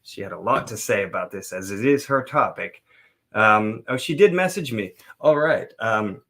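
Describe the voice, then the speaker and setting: A man hosting a casual live stream, chatting loosely and reading scripture slowly and dramatically. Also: fairly low pitch, vocal fry, a bit bright. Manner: loose, rambling, playful.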